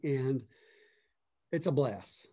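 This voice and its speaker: A middle-aged man, a songwriter guest, telling a long story in a relaxed, conversational way. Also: medium pitch, extremely slow, slightly rough. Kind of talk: casual storytelling.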